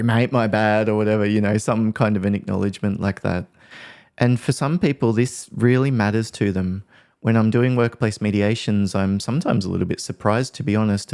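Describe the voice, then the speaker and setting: A man's voice: lowish voice, mellow. A man working as a workplace mediator, giving a casual lesson, thinking aloud and acting out example phrases.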